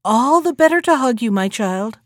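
Cunning fake-friendly wolf, put on by a woman reader; smooth and coaxing, animated delivery. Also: a little high, moderate pace, no room sound, clean studio sound, natural voice. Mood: menacing. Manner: smooth, coaxing, feigned gentleness. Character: sly hungry male wolf, fake-friendly. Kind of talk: storybook reading.

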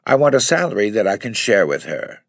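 A man's voice: sing-song, fairly quick, creaky, fairly bright tone, no echo, clean studio sound, full character voice. A man reading aloud, voicing an eager, earnest young woman looking for work in a storybook. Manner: eager, earnest, raised pitch. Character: young eager impoverished woman job-seeker.

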